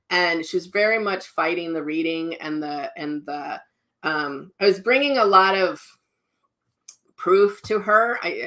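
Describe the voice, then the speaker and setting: Chatty low-voiced Midwestern woman. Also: pushed and bright. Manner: chatty, rambling, many restarts and asides. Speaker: psychic medium and spiritual teacher. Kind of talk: casual spoken teaching with personal stories.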